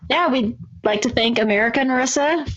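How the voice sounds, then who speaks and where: A woman co-hosting a podcast in casual chat, teasing and quick to giggle. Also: high voice, a bit bright. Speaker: podcast co-host. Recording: muffled lo-fi sound.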